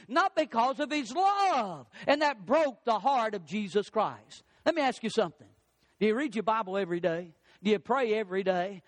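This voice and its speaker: High-voiced preaching man. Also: no room sound. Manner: emphatic preaching, rising on questions and dropping low on key words. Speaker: pastor. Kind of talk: sermon. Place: church.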